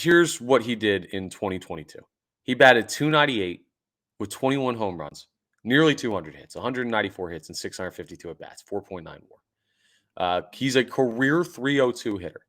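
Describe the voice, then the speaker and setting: Low-ish guy on a sports pod, super hyped, keeps repeating stuff for emphasis. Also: fairly bright tone. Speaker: podcast host. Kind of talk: excited sports podcast talk.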